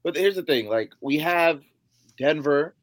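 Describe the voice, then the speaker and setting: A man co-hosts a casual sports podcast with a lively, swinging pitch. He talks emphatically and pushes back on his co-hosts, and his voice sounds dry and close. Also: a little slow, no echo. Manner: emphatic, says bro a lot. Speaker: podcast co-host.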